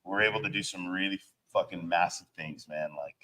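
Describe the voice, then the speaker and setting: With a deep voice and a fairly quick pace, a musician who plays in a band chats casually on an interview show about life on the road. He swears freely and fills his talk with fillers, and there's background noise.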